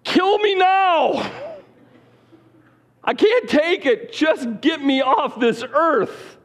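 A man's voice: very high-pitched, animated, drawn-out words, fairly bright tone, voice pushed up, exaggerated voice. A man voicing an exasperated older male prophet at his breaking point, pleading in a strained, indignant voice.

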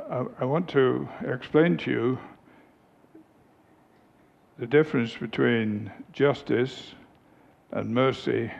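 A man preaching a sermon, telling a family story in a slow, deliberate, teaching tone. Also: medium pitch, vocal fry, darkish tone, dull audio.

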